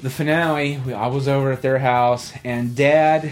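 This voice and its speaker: A man chatting casually as a podcast host, his voice sitting at an everyday middle pitch. He rambles through his stories with a lot of energy and keeps restarting his sentences. Faint music plays underneath. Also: moderate pace. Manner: rambling, animated storytelling with many restarts.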